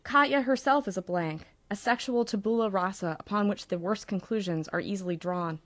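A woman's voice: medium pitch, a little fast, dry recording. Woman narrating an audiobook, dry sound.

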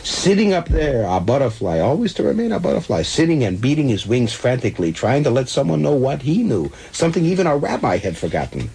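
Brief: husky male storyteller, very lively pitch, comic reading. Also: fairly quick, hardly any pauses, rough recording. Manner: animated, comic timing.

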